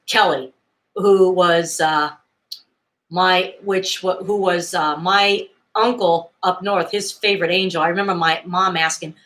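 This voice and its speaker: A woman in her fifties chatting casually in a vlog, rambling and hesitant with many fillers and soft chuckles. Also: fairly low pitch, fairly even intonation, measured pace. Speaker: vlogger. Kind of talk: casual nostalgic chat.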